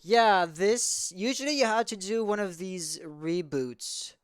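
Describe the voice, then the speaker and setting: Smooth-voiced male esports caster. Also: high voice, slow pace, no echo, studio quality, faint music behind. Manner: rambling, self-correcting, chatty. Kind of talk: casual game commentary.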